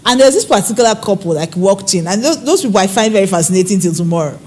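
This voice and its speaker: A woman counselor giving a preaching-style talk on marriage, telling stories with lively swings in her voice. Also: fast. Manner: expressive storyteller, swings pitch and acts out quoted people. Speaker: infidelity recovery counselor speaking on marriage.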